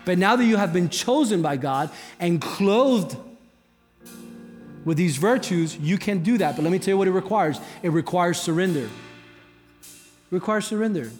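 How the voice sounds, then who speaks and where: A guest pastor, a man with a fairly high voice, preaches in a loose, conversational way and drops in joking asides. His voice rings through a large church hall with a long reverb, and soft music plays underneath. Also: expressive, normal speed. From Cuba. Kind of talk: sermon.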